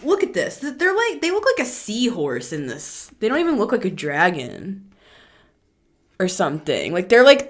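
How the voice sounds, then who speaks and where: A woman giving a casual, chatty tarot reading to camera, animated and quick to laugh. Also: mid-range voice. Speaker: tarot reader.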